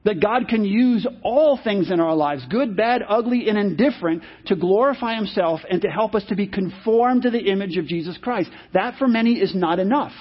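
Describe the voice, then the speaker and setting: A man's voice: sits high, moderate pace, few pauses. A male pastor preaching a sermon, emphatic and repeating his key phrases. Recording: dull lo-fi sermon recording.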